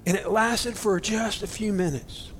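A man preaches with a high, lifted voice, his delivery swinging from loud, excited exclamations to soft, hushed near-whispers. He sounds emotional and fervent, and a faint low rumble sits underneath the recording. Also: a little slow. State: choked up with emotion. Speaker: pastor. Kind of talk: sermon.

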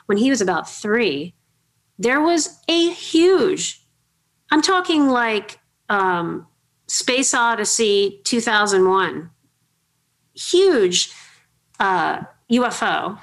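A middle-aged woman hosting an interview, telling chatty, animated anecdotes with many fillers. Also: mid-range voice, vocal fry. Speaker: podcast host. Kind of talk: casual storytelling interview.

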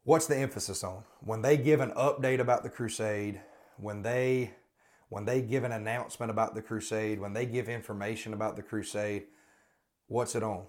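A man's voice: fairly low pitch, fairly even intonation, normal speed. A man hosting a podcast, giving critical religious commentary and hammering the same rhetorical questions while often restarting his sentences. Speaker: podcast host.

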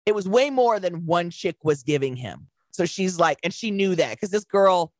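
A woman co-hosting a podcast, retelling a story with lively acted-out quotes and casual swearing. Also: fairly low pitch, normal speed, no room sound. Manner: animated storyteller acting out quotes, swears freely. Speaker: podcast co-host. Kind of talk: casual chat.

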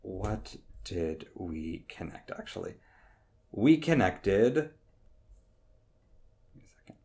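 A man co-hosting a casual movie review podcast, relaxed and laughing often, trailing off mid-sentence. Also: low voice, takes it slowly, gravelly. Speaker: podcast co-host.

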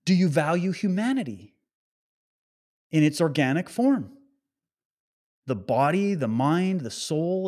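Here the man sounds fairly high-pitched and a little mellow, yet he's ranting in agitation. He pelts his listeners with one rhetorical question after another, rapid-fire and emphatic.

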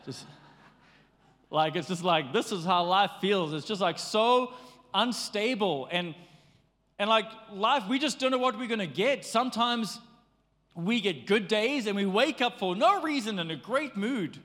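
A man preaching a sermon in a lively, conversational way, slipping into playful acted asides. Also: high-pitched, long reverb tail. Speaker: pastor.

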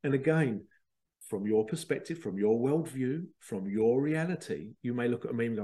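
A middle-aged man with a voice of ordinary middle pitch, talking loosely and casually as a podcast host. He rambles from thought to thought and slips into little voices for the people he quotes. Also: lively intonation, moderate pace, warm tone. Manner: chatty, rambling, acts out quotes. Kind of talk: casual monologue.

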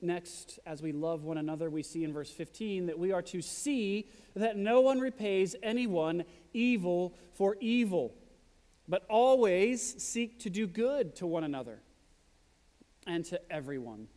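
A man's voice: high voice, animated, a little slow, darkish tone, long reverb tail. A man preaching a sermon as pastor, earnest and direct, mixing in humorous asides.

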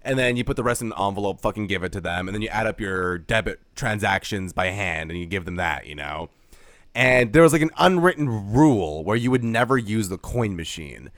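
A man's voice: on the low side, a little fast, dry recording. A young man co-hosting a podcast, telling stories in casual chat and swearing a lot. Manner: animated storyteller, swears a lot. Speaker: podcast co-host.

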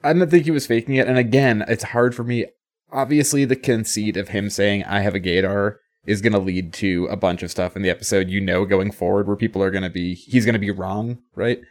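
A man's voice: fairly low pitch, fairly even intonation, brisk. A man co-hosting a podcast, talking casually and often asking for agreement. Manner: chatty, asks for agreement with 'right?'. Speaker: podcast co-host.

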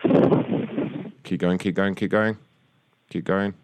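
A man playing a deadpan customer service agent in a prank phone call. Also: low voice, very slow, very noisy. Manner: deadpan, mock-official phone manner. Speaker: prank caller.

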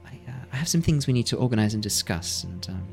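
Man doing a halting, organized companion. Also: fairly low pitch, lively intonation, creaky, a little mellow, faint music behind, voice pushed up. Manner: halting, full of ums while planning.

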